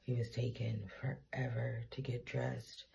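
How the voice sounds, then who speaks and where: A woman's voice: very deep voice, measured pace, gravelly, a little hiss or hum. A tired, teary woman telling a candid, profane story to her camera in a casual vlog. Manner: candid, profane, animated retelling. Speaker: vlogger.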